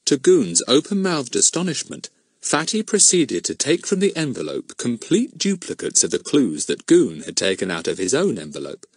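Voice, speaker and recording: A man's voice: mid-range voice, wildly swooping pitch, moderate pace, husky, dry recording, clean studio sound. A man reading a children's mystery audiobook aloud, narrating expressively and giving each character a voice.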